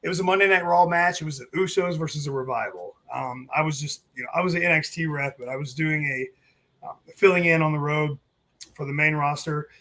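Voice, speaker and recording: A man's voice: a little high, brisk. A man, a former wrestling referee, telling stories in a casual interview, acting out what others said to him. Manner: animated, acts out quotes with swearing and laughs.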